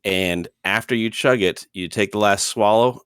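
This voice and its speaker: A man runs a tabletop game, narrating in an unhurried, measured way. His voice is lowish and smooth. The recording is close and dry. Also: fairly bright tone, no room sound. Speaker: game master.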